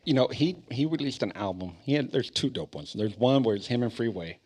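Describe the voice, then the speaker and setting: A man in his thirties hosting a casual podcast chat, telling stories with animated mock outrage and easy swearing. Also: medium pitch, brisk, breathy edge. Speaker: podcast host.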